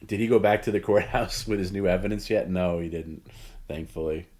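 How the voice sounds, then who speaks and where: A man's voice: deep voice, brisk, darkish tone. A man hosting a casual livestream chat, rambling with lots of "like" and "you know" and laughing often. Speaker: host.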